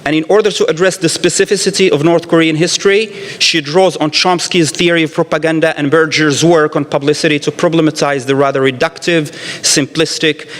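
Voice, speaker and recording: A man's voice: fairly high pitch, steady tone, brisk, hardly any pauses, fairly bright tone. A man formally reading a speaker introduction from notes, stumbling now and then over a word. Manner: formal, reads from notes with slips. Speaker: event moderator. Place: lecture hall. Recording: reverberant lecture hall.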